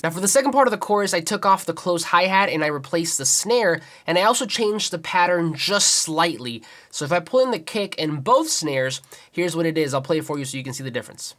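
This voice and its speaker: A man's voice: a little high, lively intonation, a little fast, hardly any pauses. A young man producing music, casually walking through his beat and counting the rhythm aloud as he explains each layer. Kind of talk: tutorial walkthrough. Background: beat playback music.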